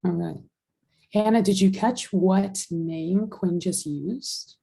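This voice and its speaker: Brief: female teacher, dark gravelly voice, patient step-by-step explanations, video call. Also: on the low side, takes it slowly, poor audio. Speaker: sign language teacher. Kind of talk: online class instruction.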